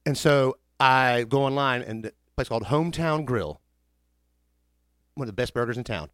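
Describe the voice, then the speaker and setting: Man, podcast host, animated storyteller, does voices. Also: mid-range voice, moderate pace, no room sound, studio quality. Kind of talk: casual storytelling chat.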